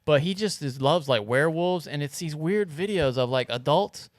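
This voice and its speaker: A man's voice: fairly high pitch, expressive, normal speed, no echo, studio quality. A man co-hosting a podcast in loose casual chat, swearing freely and reading news stories aloud. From grew up on a farm. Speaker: podcast co-host.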